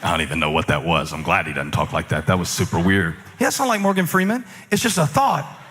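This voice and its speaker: A middle-aged male pastor preaching a sermon, moving from casual talk into shouted, sing-song emphasis. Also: low-pitched, very animated, fast talker, in a large hall, a little hiss or hum.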